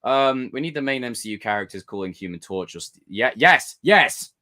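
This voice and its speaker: Male streamer, casual chat with viewers, theatrical, pitch swinging widely. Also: normal speed. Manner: theatrical, animated rants. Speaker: livestream host.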